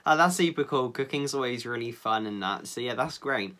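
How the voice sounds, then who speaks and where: Bright, eager young interview host. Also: male voice, mid-range voice, lively intonation, a little fast. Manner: upbeat and eager, full of praise. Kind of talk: casual online interview.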